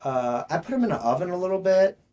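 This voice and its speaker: A man's voice: high voice, big pitch swings, fast, dark tone. A young man co-hosting a podcast, telling rambling stories in casual chat and laughing mid-sentence. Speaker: podcast co-host.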